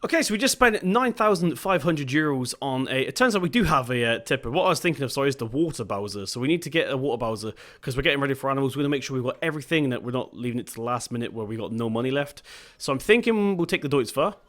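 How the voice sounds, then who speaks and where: A man's voice: medium pitch, lively intonation, very fast, hardly any pauses, fairly bright tone. A young man giving casual let's-play commentary as a gaming video host, chatty and rambling, often stopping to correct himself.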